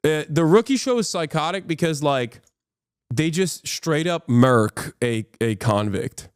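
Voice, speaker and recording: A man's voice: on the high side, lively intonation, measured pace, clean tone, no room sound. Opinionated streamer man, dry sound. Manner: opinionated, sarcastic, swears freely. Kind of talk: casual commentary.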